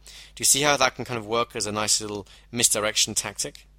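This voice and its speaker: Bright-toned man teaching hypnosis. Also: fairly low pitch. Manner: measured, explanatory, with slowed emphasis on key phrases. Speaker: hypnosis instructor. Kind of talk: teaching lecture.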